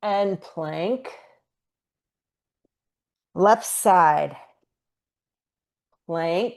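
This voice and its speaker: A pilates instructor leads her class, cueing moves and counting reps while doing them herself, a little out of breath. Her voice is fairly low and darkish, very slow, with vocal fry.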